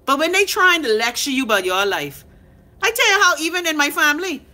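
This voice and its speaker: A woman's voice: high voice, brisk. Brash Bahamian woman ranting. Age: 30s. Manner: blunt, profane, animated, talks back to commenters. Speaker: live-stream host reading comments. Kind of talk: unfiltered casual rant.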